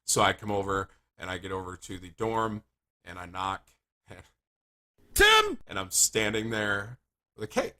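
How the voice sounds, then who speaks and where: A young man telling a crude, comic story about his life, animated and prone to sudden loud outbursts. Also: deep voice, a little slow, long pauses. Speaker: vlogger.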